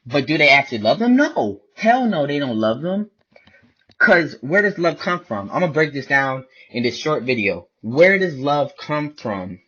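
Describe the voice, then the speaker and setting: A man's voice: on the high side, sing-song, moderate pace, fairly bright tone, slightly rough. A man delivering a blunt, profane, repetitive ranting monologue about faith. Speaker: online video preacher. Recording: dull lo-fi recording.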